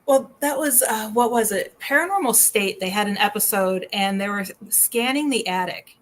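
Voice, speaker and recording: A woman hosts a relaxed paranormal talk show. She tells her stories in a chatty, animated way, with a voice of middling pitch. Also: normal speed, slight background noise. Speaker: host. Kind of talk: casual chat.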